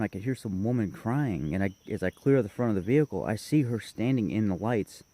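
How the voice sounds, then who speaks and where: A man's voice: on the low side, mellow. A man casually telling a long personal story, rambling and correcting himself as he goes. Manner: rambling, self-correcting, detailed.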